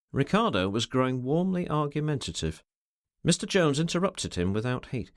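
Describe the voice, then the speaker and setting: A man narrating a classic novel as an audiobook in a measured storytelling manner. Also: medium pitch, big pitch swings, no echo, studio quality.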